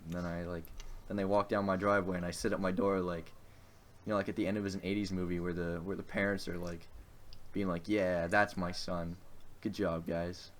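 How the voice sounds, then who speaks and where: A man's voice: deep voice, flat delivery, fast talker. A young man co-hosting a casual podcast chat. He rambles, hesitates and swears often. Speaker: podcast co-host.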